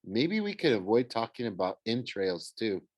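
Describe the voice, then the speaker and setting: A man's voice: lowish voice, sing-song, normal speed, dry recording. A man voicing a nervous, hesitant young satyr. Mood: uneasy.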